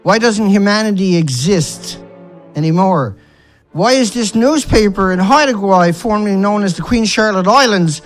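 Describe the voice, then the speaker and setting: A man's voice: high voice, expressive, normal speed, soft background music. A man ranting in outrage as an activist, firing rhetorical questions and strings of insults, with some swearing. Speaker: environmental activist vlogger. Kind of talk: angry ranting monologue.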